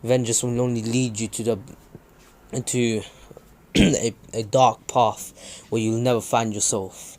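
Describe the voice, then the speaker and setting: A man narrating a calm, preachy teenage ninja boy. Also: mid-range voice, unhurried, lightly acted. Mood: calm, lecturing. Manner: plain storytelling voice with ums and restarts. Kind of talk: retelling a fan story.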